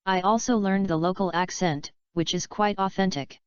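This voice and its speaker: A playful young wife teasing her husband, as a woman narrator reads her. The voice is very smooth and a touch low, with no real character voice put on. The recording is dry with no room sound. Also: steady tone, normal speed, no room sound, lo-fi sound, natural voice.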